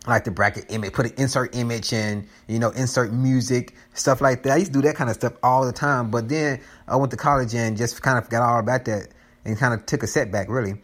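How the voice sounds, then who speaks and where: A man hosting a casual podcast, talking loosely and joking with his listeners. He drifts from point to point and restarts his sentences often, at an ordinary middle pitch. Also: steady tone, fast talker, a bit bright. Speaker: podcast host. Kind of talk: casual chat.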